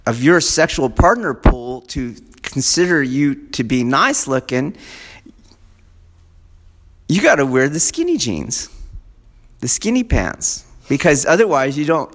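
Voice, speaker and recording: A man who sounds like a martial arts instructor, giving a rambling casual lecture. He digresses often, keeps checking in with his listeners, and gets animated when he acts out fan excitement. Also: mid-range voice, measured pace. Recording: long reverb of a large hall.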